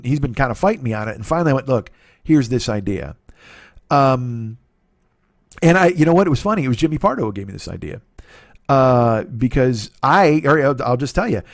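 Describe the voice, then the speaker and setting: A man in his forties hosting a solo comedy podcast, talking in a profane, rambling, self-deprecating monologue and acting out quoted voices with sudden pitch jumps. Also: no room sound, studio quality. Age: 40s. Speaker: podcast host.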